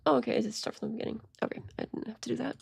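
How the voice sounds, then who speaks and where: A woman streamer chatting casually as she reacts to videos, rambling with stammered restarts and quiet muttered asides. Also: on the high side, fairly even intonation, rapid-fire, gravelly, slightly rough, no room sound. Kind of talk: casual live-stream commentary.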